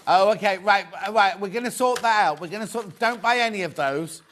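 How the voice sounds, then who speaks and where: Brisk man presenting a live shopping show. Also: high-pitched, fairly bright tone. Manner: brisk, repeats instructions to viewers.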